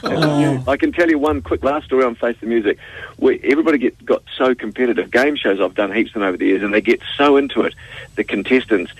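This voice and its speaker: A man's voice: medium pitch, quick pace, low-quality recording. A man with a New Zealand accent, a TV host chatting on the radio, who tells stories with animation and laughs often. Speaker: TV game show host, radio guest. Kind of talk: casual radio chat.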